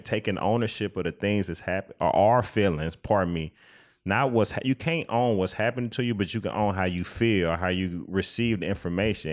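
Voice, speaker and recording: A man co-hosting a podcast, talking earnestly and reflectively in a casual chat, with many restarts. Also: low voice. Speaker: podcast co-host.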